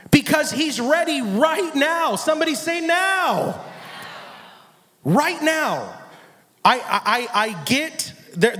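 A male guest preacher giving an energetic sermon, often repeating phrases and acting out conversations from scripture. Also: extremely high pitch, long reverb tail. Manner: energetic, repetitive, acts out dialogue with God. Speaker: guest speaker. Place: church.

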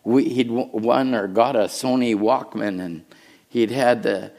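A middle-aged man preaching a sermon as pastor, telling a story with hushed asides and raised, urgent lines. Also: mid-range voice, measured pace, vocal fry. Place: church.

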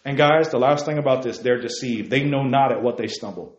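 A man preaching a sermon to a youth group, fervent and emphatic, repeating his key phrases and talking fast. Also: mid-range voice, echoey room, muffled recording. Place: meeting room.

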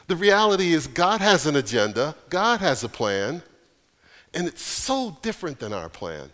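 A male pastor preaching an earnest, emphatic sermon with deliberate pauses. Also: a little high, big pitch swings, fairly bright tone, long reverb tail.

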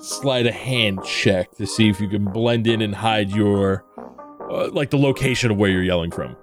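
A man's voice: fairly low pitch, moderate pace, music in the background. A man narrating a tabletop role-playing game as game master, easygoing and descriptive.

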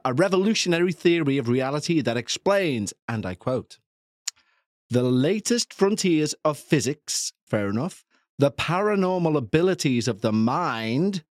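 A man's voice: a little high, no echo. Jokey man in his forties, dry mic. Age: 40s. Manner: jokey, digressive, self-deprecating. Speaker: podcast host. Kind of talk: casual rambling monologue.

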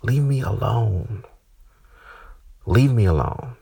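A man in his thirties doing stand-up, ranting with profanity and sudden high-pitched outbursts. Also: lively intonation, slow pace, gravelly, mellow, a little hiss or hum. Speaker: stand-up comedian. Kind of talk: stand-up comedy set.

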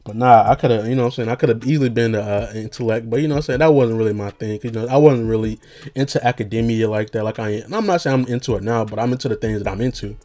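A man's voice: mid-range voice, rapid-fire, mellow. A young man rambling casually as a podcast host, loose and slangy with lots of fillers and jokes.

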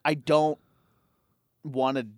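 A young man with a slightly higher voice talks casually with a friend. He tells funny stories with energy and jumps into loud, high impressions of the people he quotes. The sound is dry and close, with no room echo. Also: flat delivery, takes it slowly. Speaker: podcast co-host. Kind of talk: casual chat.

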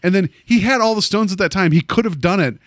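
A man chatting casually about a movie, animated and rambling, full of fillers and restarts. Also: high voice, fast, no echo, clean studio sound.

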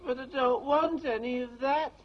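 A man's voice: extremely high pitch, steady tone, normal speed. An actor playing a wistful young prince in a comedy film who pleads with his father. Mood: pleading. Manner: plaintive, hesitant. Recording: dull lo-fi film clip.

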